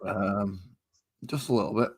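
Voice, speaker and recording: A man's voice: on the low side, a little slow, noisy background. A man hosting a painting stream, chatting casually with easygoing dry asides as he works. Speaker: host of a miniature-painting stream. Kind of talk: casual chat while painting.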